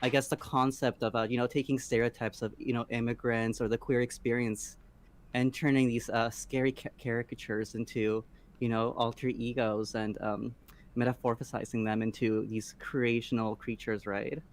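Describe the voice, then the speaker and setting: A man's voice: mid-range voice, flat delivery, normal speed. A man streamer on a convention panel, effusive and gushing, talking with many fillers. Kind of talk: casual panel chat.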